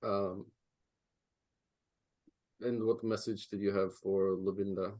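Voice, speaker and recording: A man playing a tabletop game in character, easygoing and quick to laugh. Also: deep voice, flat delivery, darkish tone. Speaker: player.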